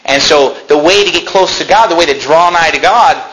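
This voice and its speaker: A man preaching a sermon as pastor, emphatic, swinging between loud peaks and quiet drops. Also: fairly high pitch, a little fast, low-quality recording.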